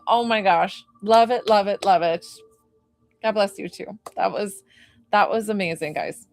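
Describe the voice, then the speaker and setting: A young woman working as a psychic medium, chatting to viewers on a live stream in a gushing, bubbly way, full of "like" and excited squeals. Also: mid-range voice, measured pace, dry recording. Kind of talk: live-stream reading and chat.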